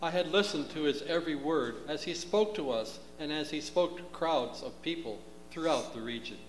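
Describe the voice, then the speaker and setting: A man's voice: a little high, normal speed, a little hiss or hum, natural voice. A man playing a grieving male disciple in a church drama, speaking with earnest sorrow in a roomy hall.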